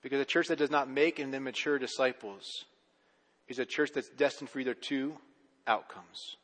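A man's voice: medium pitch, steady tone, moderate pace, fairly bright tone, long reverb tail. A male pastor giving a conversational sermon, often repeating and restarting his words.

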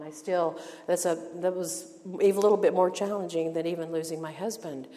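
An older woman teaching a women's Bible study in an earnest, emphatic sermon style, slowing down to stress key phrases. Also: on the low side, a little mellow. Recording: long hall reverb.

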